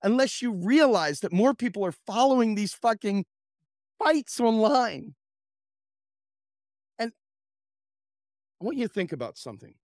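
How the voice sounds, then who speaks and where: A man hosting a podcast, ranting about politics in a profane, sarcastic, impassioned way, swinging from loud outbursts to low mutters. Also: sing-song, unhurried, long pauses, no echo, studio quality. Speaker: podcast host. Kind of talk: political commentary rant.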